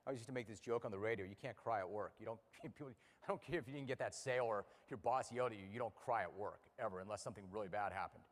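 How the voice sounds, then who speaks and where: A man in his fifties speaking emotionally to an audience about losing his racehorse, halting and repeating words when upset. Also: on the low side, in a large hall. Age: 50s. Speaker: racehorse owner and radio host. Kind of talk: emotional personal speech to an audience. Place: room with a live audience.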